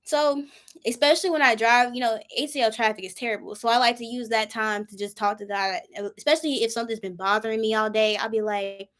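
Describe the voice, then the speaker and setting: A young woman in her twenties leads a Bible study in an easy, conversational way. Her voice sits a bit high, and she drops into acting out her own prayers as she explains. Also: steady tone, fast talker, a bit bright. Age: 20s. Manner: chatty and informal, acts out her own prayers. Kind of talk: casual Bible study teaching.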